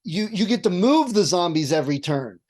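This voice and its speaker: Guy w a high voice on a podcast, acts out his stories, laughs a lot. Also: fairly quick. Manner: animated storyteller, acts out lines with laughs. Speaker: podcast co-host. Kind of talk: casual chat.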